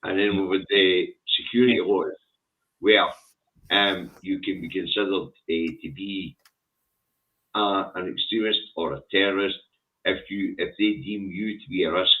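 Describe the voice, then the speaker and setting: A man in a casual political discussion, speaking in a measured way with frequent "eh" fillers. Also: low voice, fairly even intonation. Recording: tinny phone-like line.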